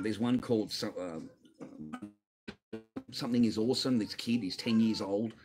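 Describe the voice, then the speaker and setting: A man's voice: fairly low pitch, a little hiss or hum. A man hosting his own channel, ranting on a livestream in an angry, profane, rambling way. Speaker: channel host. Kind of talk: livestream rant.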